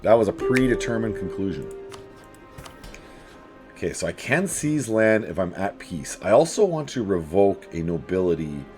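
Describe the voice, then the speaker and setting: Faint music sits behind this man's low-pitched voice, which moves at normal speed. As a let's play host, he chats casually and animatedly through a strategy game, addressing the on-screen enemies himself.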